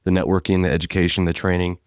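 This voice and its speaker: A man co-hosting a podcast in relaxed, easygoing casual chat. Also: deep voice, fast talker, no echo, clean studio sound. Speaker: podcast co-host.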